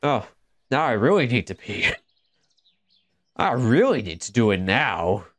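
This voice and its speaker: A man with a medium-pitched, somewhat bright voice plays horror games as a gaming video host, his pitch swinging widely while he talks slowly. He jokes around, laughs easily and chats to the characters on screen in his let's play commentary.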